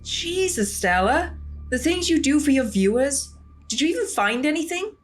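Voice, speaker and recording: A woman voicing a jumpy, anxious young woman in a game, talking in a panicky, dramatic way at a raised pitch. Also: sing-song, moderate pace, soft background music.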